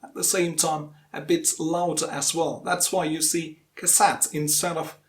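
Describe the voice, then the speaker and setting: Slow, deliberate Indian English teacher. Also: male voice, fairly high pitch, level tone. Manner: slow, deliberate, repeats key terms. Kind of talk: spoken lesson.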